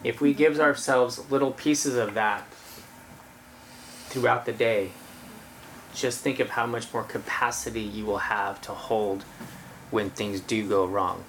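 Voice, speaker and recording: Meditation teacher, relaxed and chatty, addressing a roomful of people in a dharma talk. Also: medium pitch, unhurried, pauses often, a little hiss or hum, rough recording. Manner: relaxed, conversational, laughs easily. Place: room with about thirty people.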